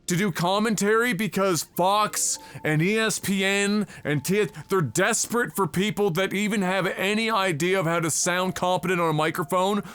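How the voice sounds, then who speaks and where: A young man from Canada rants on a live stream, sarcastic and exasperated, and he swears constantly. His voice sits fairly high for a man. Soft music plays faintly in the background. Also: moderate pace, hardly any pauses, clear, resonant tone. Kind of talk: profane ranting commentary on a live stream.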